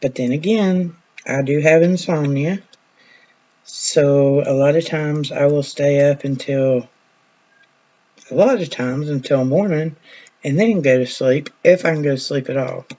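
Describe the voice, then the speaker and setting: A woman's voice: deep voice, a little slow, mellow, lo-fi sound. A woman, a nurse chatting casually in a vlog, telling stories in a folksy way that trails off now and then.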